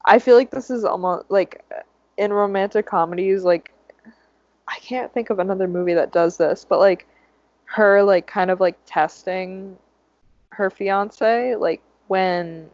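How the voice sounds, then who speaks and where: A woman's voice: medium pitch, a little slow, a little mellow, no room sound, dull audio. A woman co-hosting a podcast, chatting casually and rambling with many fillers. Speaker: podcast co-host. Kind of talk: casual chat.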